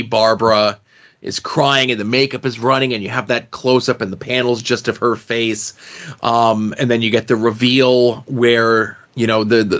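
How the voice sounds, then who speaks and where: A man's voice: mid-range voice, a bit bright, highs cut off. A man co-hosting a podcast, musing casually on a comic series and thinking aloud. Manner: thinks aloud, repeating himself in reflective asides. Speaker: podcast co-host.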